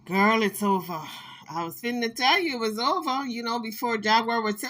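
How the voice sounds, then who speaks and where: A woman's voice: on the high side, a little fast, a bit bright. A woman hosting a commentary channel, talking back to clips in a sassy, scolding, teasing way. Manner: sassy, scolding, teasing, talks straight to the clip.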